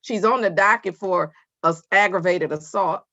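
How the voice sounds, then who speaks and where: A woman's voice: lowish voice, moderate pace, sharp tone, no echo, dull audio. A woman judge sternly lecturing from the bench over a video call, firm and scolding.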